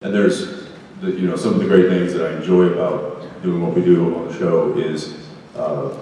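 A man with a somewhat low voice tells a comic anecdote to a live fan audience, laughing and animated, often repeating his phrases. His voice comes through hall speakers and rings around a huge, echoing convention space. It sounds distant from the mic, with steady noise underneath. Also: moderate pace. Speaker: actor guest on a fan convention panel. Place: large convention hall stage. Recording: echoey hall audio from far off.

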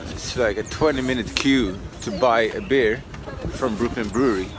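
Swedish-accented man vlogging casually. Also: mid-range voice. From Sweden. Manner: halting, self-deprecating, with many fillers. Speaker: comedian vlogger. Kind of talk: casual vlog talk.

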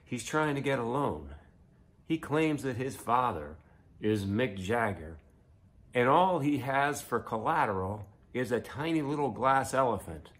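A man playing a weary male bank teller who talks in a slow, exasperated way. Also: medium pitch, sing-song.

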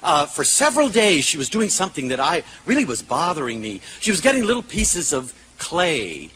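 A man lecturing a live audience in an animated storytelling manner, poking fun at himself. His voice is bright and fairly high for a man, and it swings widely in pitch. A faint hum of room noise sits underneath. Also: moderate pace, rough recording. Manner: animated, storytelling, self-mocking humor.

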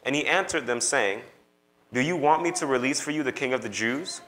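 Male scripture reader, expressive and measured, mid pitch, bright tone. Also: low-quality recording. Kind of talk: public scripture reading. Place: church.

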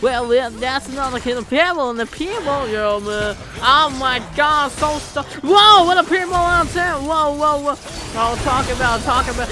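A young man gives live gameplay commentary, breaking into bursts of loud excited exclamations. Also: very high voice, moderate pace. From Philippines. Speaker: gaming channel host. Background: game music.

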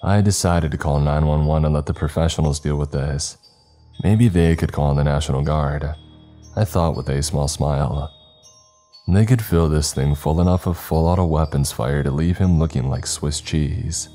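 A man reading a scripted horror story in a slow, measured way. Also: extremely low pitch, dark tone, soft background music.

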